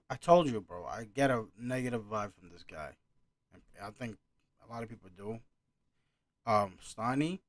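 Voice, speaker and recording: A man's voice: medium pitch, fairly bright tone, no echo. A man ranting through a casual reaction commentary, annoyed and swearing often. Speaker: reaction streamer.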